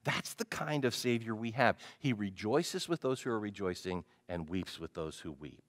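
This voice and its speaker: A male pastor preaching a sermon, animated, often putting questions to the congregation. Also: lowish voice, moderate pace.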